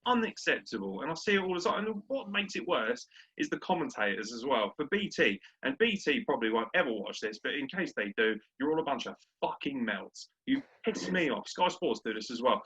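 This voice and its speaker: A man's voice: medium pitch, sing-song, fairly quick, fairly bright tone, breathy edge. A young man, a podcast co-host in casual sports chat, brash, sweary and ranting. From Britain. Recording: dull lo-fi audio.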